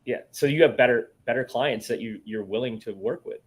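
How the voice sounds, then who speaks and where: A man's voice: medium pitch, brisk, husky. Affirming male podcast co-host. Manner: affirming, asks leading questions. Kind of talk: casual chat.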